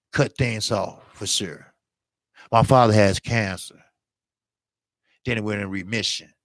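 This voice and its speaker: A man's voice: on the low side, a bit bright, no room sound. A man hosting a boxing channel, talking casually on a live stream in an earnest, blunt way and repeating himself for emphasis.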